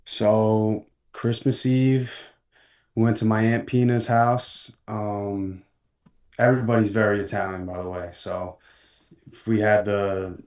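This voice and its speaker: A man in his twenties, a guest in a casual chat, talking in a relaxed, hesitant way with lots of ums as he searches for words. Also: lowish voice, slow, distant mic. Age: 20s. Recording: roomy sound from farther off the mic.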